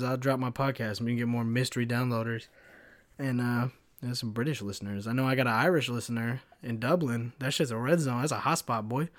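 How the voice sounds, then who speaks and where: A man in his twenties hosting his own podcast alone, rambling loosely, swearing often and laughing at his own jokes. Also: mid-range voice. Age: 20s. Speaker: podcast host. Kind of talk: casual solo podcast rant.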